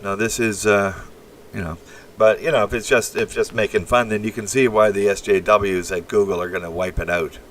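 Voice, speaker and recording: A blunt, crude man from Canada chats loosely on a livestream, rambling through his reactions to the chat. His voice sits on the low side and comes from a little away from the mic. A faint hiss hangs behind him, with keyboard typing. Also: steady tone, fairly quick, few pauses, distant mic. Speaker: livestream host. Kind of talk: casual live-stream chat.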